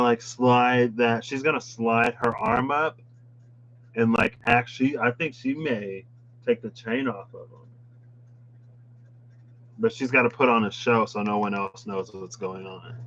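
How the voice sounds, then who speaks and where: A man's voice: mid-range voice, a bit bright, lo-fi sound, slight background noise. A man reading tarot cards in a casual chat, musing aloud with playful asides. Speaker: tarot reader. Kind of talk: casual tarot deck walkthrough.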